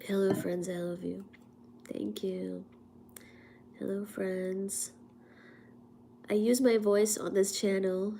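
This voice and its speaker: A woman chats on a livestream from her home, hoarse and worn down by a cold. Her unhurried, mellow voice often sinks into a whisper between coughs. A faint hiss sits under her voice. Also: medium pitch, little pitch movement. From India. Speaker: livestream host and physics teacher. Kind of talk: casual livestream chat. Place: at home, indoors.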